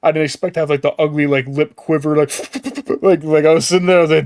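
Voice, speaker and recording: Male co-host, animated storyteller, slightly high voice, dry sound. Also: fast talker, no echo. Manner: animated storytelling, laughs often. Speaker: podcast co-host. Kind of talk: casual chat.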